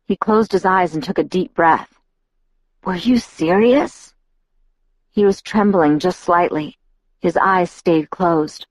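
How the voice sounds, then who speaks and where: A woman narrating a novel in the first person, steady and measured. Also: lowish voice, no room sound, low-quality recording. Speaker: audiobook narrator.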